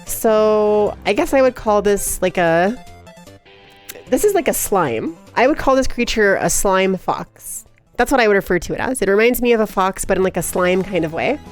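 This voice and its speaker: A woman's voice: mid-range voice, lively intonation, moderate pace, soft background music. A woman live streaming who chats casually and reads chat aloud, giggly and playful with frequent laughter.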